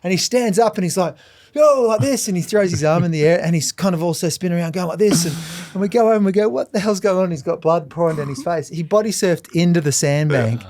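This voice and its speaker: A man's voice: high-pitched, fast talker, no room sound. A middle-aged Australian man hosting a podcast, telling a story with animation and acting out the voices of the people in it. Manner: lively storyteller who acts out quoted voices. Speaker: podcast host. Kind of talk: casual anecdote telling.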